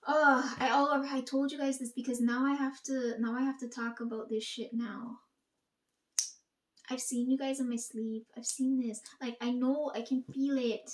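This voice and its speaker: A woman's voice: sits high, flat delivery, moderate pace, roomy sound. A young woman rambling to her audience in a casual monologue, swearing often and talking emphatically.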